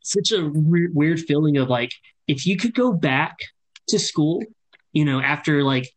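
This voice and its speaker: A man's voice: fairly high pitch, animated, a little slow, low-quality recording. A man co-hosting a podcast in casual chat, explaining at length with many fillers. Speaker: podcast co-host.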